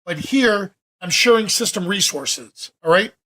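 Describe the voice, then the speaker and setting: A man teaching photo editing during a live video-call session, talking in a chatty, animated way with frequent restarts. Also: high-pitched, measured pace. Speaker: photography workshop instructor. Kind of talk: live online Q&A demo.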